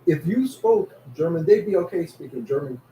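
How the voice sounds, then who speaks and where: New York man telling stories, mellow and roomy. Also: fairly high pitch, moderate pace. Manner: storytelling, animated anecdotes. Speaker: podcast co-host. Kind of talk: casual chat. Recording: echoey room with faint background hiss.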